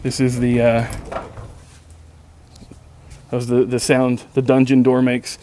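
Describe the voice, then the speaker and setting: A man's voice: mid-range voice, completely flat delivery, slow pace, mellow, a little hiss or hum. Sarcastic exasperated man telling a story. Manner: repetitive stammering restarts. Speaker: podcast host. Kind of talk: casual storytelling monologue.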